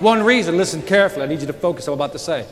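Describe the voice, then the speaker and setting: A man giving an energetic sales keynote, telling jokes and stories and calling out to the audience. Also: on the high side, very fast. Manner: lively, joking, calls out to the audience. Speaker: motivational sales speaker. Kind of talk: energetic keynote speech with storytelling. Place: conference hall before a live audience. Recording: echoey hall, audience, faint background noise.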